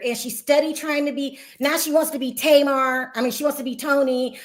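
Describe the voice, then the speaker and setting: A woman hosting a podcast, talking in a blunt, animated way and often laughing as she gossips. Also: sits high, a little fast, few pauses. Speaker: podcast host. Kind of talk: casual gossip commentary.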